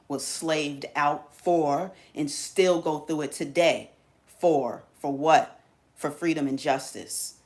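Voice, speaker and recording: A woman chatting casually to her viewers on a livestream, animated and slangy. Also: low voice. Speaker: live streamer.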